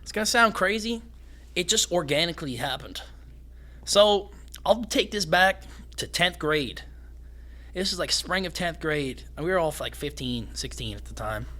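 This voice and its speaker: A young man from Canada, a fighter guest on a podcast, talking fast and excitedly and swearing freely. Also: a little high. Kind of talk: casual podcast conversation.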